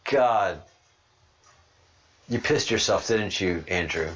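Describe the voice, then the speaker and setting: A man from Ireland hosting a podcast, talking casually in an animated, rambling way and laughing often. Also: lowish voice, slow, long pauses. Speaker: podcast host. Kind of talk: casual monologue. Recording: dull lo-fi recording.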